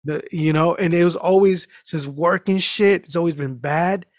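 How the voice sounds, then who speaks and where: A casual podcast host with a voice pitched a little high, recorded close and dry. He rambles through his stories, swears freely and restarts his sentences. He works "dude" into nearly every thought. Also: normal speed, no echo. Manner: loose and profane, peppers talk with "dude"; animated storytelling with many restarts. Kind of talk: casual chat, rambling anecdote.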